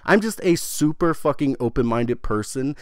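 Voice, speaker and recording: An excitable young man hosting a gaming channel, swearing freely and rambling as he chats through his theory. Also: medium pitch, normal speed, no echo, clean studio sound. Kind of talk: casual video commentary on a game storyline.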